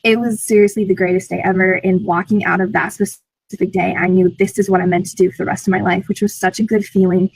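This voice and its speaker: A woman's voice: medium pitch, little pitch movement, fast talker, vocal fry, slightly rough, no echo, poor audio. A teenage girl eagerly recounting her experiences in an interview, using lots of "like" fillers. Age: teens. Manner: enthusiastic, frequent "like" fillers. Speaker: program alumna. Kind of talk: interview answers.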